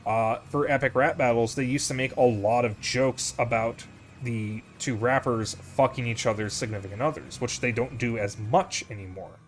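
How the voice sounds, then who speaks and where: A man's voice: mid-range voice, normal speed, faint music behind. A young man streaming a video game, chatting candidly with viewers, swearing freely and rambling with fillers. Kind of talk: casual gameplay commentary.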